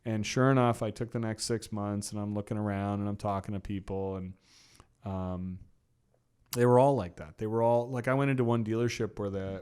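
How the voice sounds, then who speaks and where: A middle-aged man, a podcast guest, telling a long story in a casual, animated way, acting out the quoted exchanges with lots of fillers. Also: fairly low pitch, smooth.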